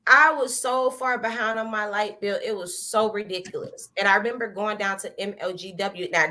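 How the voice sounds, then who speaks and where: A woman giving a testimony, telling her story in a lively way, acting out her own past words and laughing often. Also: on the high side. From American South. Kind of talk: animated personal storytelling.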